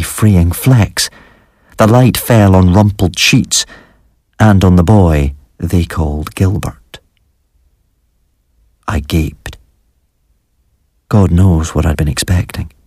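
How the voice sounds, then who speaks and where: A man narrating a horror story in the first person, in a measured, dramatic storytelling manner. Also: low-pitched, darkish tone, husky, no room sound, clean studio sound.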